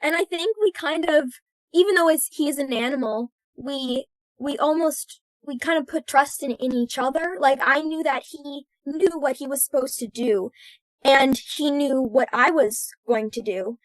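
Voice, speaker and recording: A woman's voice: sits high, moderate pace, dry recording, poor audio. A young American woman, an actress, talking thoughtfully as a podcast guest. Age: young adult. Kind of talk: casual interview.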